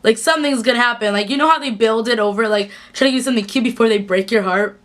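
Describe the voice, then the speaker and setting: Young woman fangirling a tv recap, kinda high voice, chatty and excited. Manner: gushing, chatty, fast bursts with fillers like "like". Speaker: TV recap vlogger. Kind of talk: casual excited episode recap.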